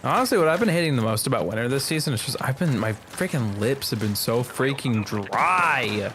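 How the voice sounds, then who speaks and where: A man's voice: medium pitch, lively intonation, brisk, fairly bright tone. Chatty male game streamer. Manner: chatty, rambling, playful exclamations. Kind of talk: casual gameplay commentary. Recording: music playing behind.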